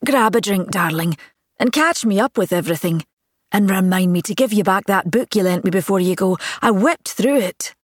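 A woman voicing a bustling, talkative middle-aged mother who fusses and chatters briskly. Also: medium pitch, animated, no echo, clean studio sound, close to an everyday voice. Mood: fussing.

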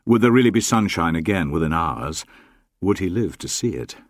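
A man with a very low voice reads a novel aloud in a measured, steady way. The sound is close and dry, with no room around it. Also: no room sound. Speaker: audiobook narrator. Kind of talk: scripted narration.

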